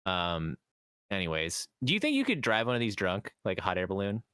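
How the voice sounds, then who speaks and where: A man's voice: low voice, huge pitch swings, fairly quick, a bit bright, clean tone, no room sound, clean studio sound. A young man co-hosting a podcast in casual chat, laid-back, swearing and saying "dude" a lot. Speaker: podcast co-host.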